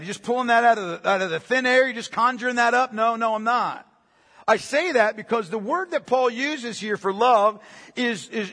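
A pastor preaching with a high, husky voice that rings through a long church reverb. He is earnest and emphatic, and he stacks up rhetorical questions for his congregation. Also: fairly bright tone. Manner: earnest, emphatic, asks many rhetorical questions, often adds "right?". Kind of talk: sermon. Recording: long reverb of a large hall.

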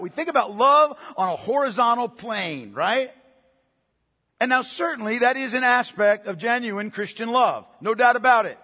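A pastor preaching with a high, husky voice that rings through a long church reverb. He is earnest and emphatic, and he stacks up rhetorical questions for his congregation. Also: bright, forceful tone. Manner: earnest, emphatic, asks many rhetorical questions, often adds "right?". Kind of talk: sermon. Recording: long reverb of a large hall.

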